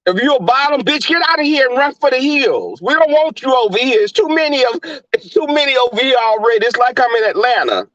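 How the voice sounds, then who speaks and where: A man's voice: very high voice, expressive, fast talker, fairly bright tone, no echo, dull audio. A man with a Southern US accent hosting a livestream, chatting with viewers in a brash, profane, camp manner. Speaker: livestream host. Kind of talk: casual chat with live viewers.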